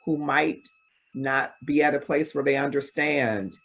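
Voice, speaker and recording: A man hosting an interview, asking measured questions and reading passages from the guest's book. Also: on the high side, fairly even intonation, a bit bright, husky, poor audio. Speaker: interview host.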